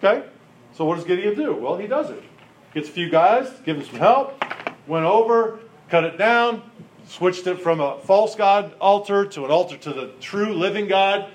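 A man's voice: high-pitched, lively intonation, normal speed. A man preaching a sermon as pastor, retelling Bible verses in a conversational, jokey way.

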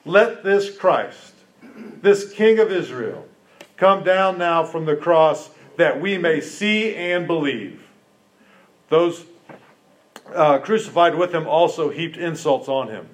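A man preaching a sermon, retelling a scripture story and asking his listeners questions in a lively storytelling manner. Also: a little high, slow pace. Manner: storytelling, animated, asks the congregation questions. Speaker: pastor.

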